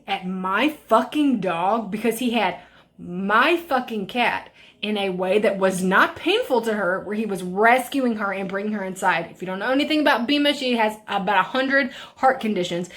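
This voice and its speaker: A woman's voice: medium pitch, fairly bright tone. A young woman chatting while doing a makeup tutorial, telling a rambling story with lots of swearing. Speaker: beauty vlogger. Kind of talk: casual makeup tutorial chat.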